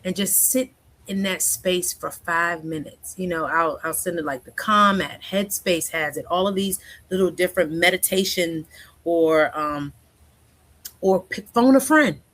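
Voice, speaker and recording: A woman in her forties speaks as a counselor and guest in a relaxed conversation. Her voice sits a little low. She talks freely and keeps tagging her points with "right?". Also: measured pace. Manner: chatty, keeps asking "right?", acts out quoted speech. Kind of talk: casual conversational interview.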